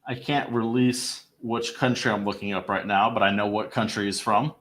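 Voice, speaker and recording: A man's voice: lowish voice, fairly even intonation, normal speed, fairly bright tone. A young man hosting a livestream in rambling, chatty talk, laughing easily. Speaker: livestream host. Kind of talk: casual livestream chat.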